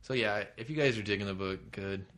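Comics podcast co-host, low bright voice, jokey and rambling. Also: male voice, a little fast. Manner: jokey, rambling, crude humor. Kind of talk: casual chat.

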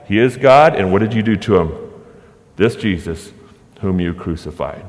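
A pastor preaching from the pulpit with a lowish male voice. He leans on rhetorical questions and lets dramatic pauses hang, his words trailing off into the long reverb of a large hall. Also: expressive. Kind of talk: sermon.

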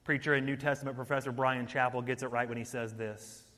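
Bright-voiced man preaching in a hall. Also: medium pitch, fast. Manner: energetic, conversational preaching. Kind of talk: sermon.

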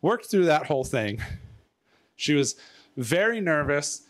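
A man's voice: fairly high pitch, sing-song, a bit bright. Winded, laughing man telling a story. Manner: rambling, laughing, halting fillers. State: out of breath. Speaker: storyteller guest. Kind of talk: casual chat.

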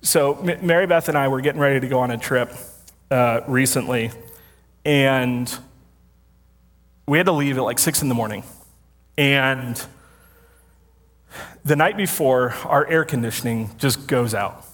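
A man's voice: mid-range voice, a little slow, long pauses, fairly bright tone. Chatty pastor man in a reverberant hall. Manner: conversational, self-deprecating, laughs often. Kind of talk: storytelling sermon. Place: church sanctuary with congregation.

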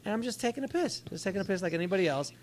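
A man hosting a casual podcast, an animated storyteller who swears freely. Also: sits high, very fast, a little hiss or hum.

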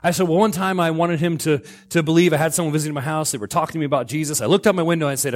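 A middle-aged man delivering a sermon from the pulpit, his voice sitting a little higher than most men's. He swings from loud, emphatic outbursts down to hushed, quiet lines. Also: very fast, hardly any pauses. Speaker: pastor.

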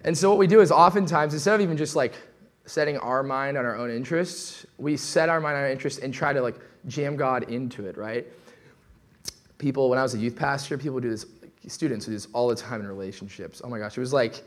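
A young man giving a sermon from the pulpit with an easy, chatty delivery. His voice sits at an ordinary middle pitch, and he keeps slipping into quick acted-out asides before returning to the text. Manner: casual conversational preaching, lively with asides. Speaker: pastor.

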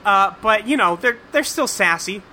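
Podcast host, male, high and bright, profane and rambling, casual chat. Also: expressive, moderate pace, slight background noise. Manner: rambling, profane, lots of fillers. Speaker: podcast host recapping a cartoon.

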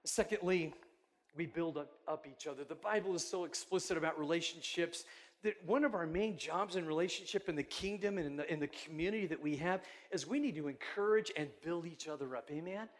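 A man's voice: a little high, fairly quick. A middle-aged male pastor preaching a sermon in an earnest, emphatic way, often restarting his phrases.

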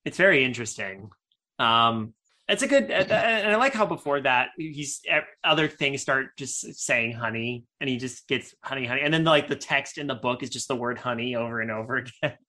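An enthusiastic man chatting casually about a film, his voice bright and forward. He rambles a little and restarts sentences as he gets excited. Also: medium pitch, a little fast. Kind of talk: casual chat.

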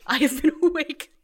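A young woman telling a personal story in casual conversation, full of fillers and laughing asides. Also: high voice. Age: young adult. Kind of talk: casual chat.

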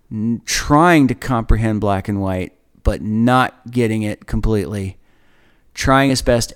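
A man leads a Bible study on a podcast, reflective and earnest. He talks conversationally, leaning on pauses to stress his points. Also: medium pitch, smooth.

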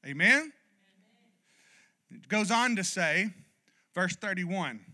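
Male pastor, emphatic sermon, high and very bright voice. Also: big pitch swings, slow, pauses often. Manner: emphatic, calls for "amen" from the congregation; builds to loud, passionate exhortation.

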